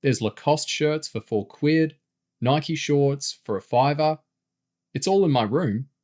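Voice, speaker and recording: A man's voice: on the high side, animated, slow pace, darkish tone, voice pushed up. A cocky teenage boy from a storybook who teases his friends and pushes his cheap deals, voiced by a male narrator. He talks casually and unhurriedly, with a lot of movement in his tone. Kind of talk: audiobook character voice.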